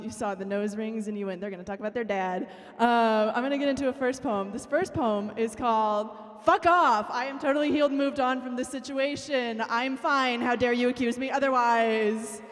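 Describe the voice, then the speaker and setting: Woman, spoken-word poet, dry sarcastic delivery, slightly high voice, hall reverb.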